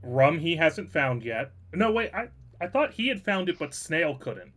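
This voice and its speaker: Guy running a tabletop game, jokey rambly talk, voice on the higher side. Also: very animated, a little slow, a bit bright. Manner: joking, self-deprecating, rambling. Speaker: game master. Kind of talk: casual tabletop game chat.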